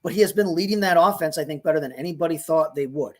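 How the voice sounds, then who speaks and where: A man's voice: a little high, fast, darkish tone. A man co-hosting a fantasy football show, chatting casually and rambling through restarts and hedges. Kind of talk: casual sports chat.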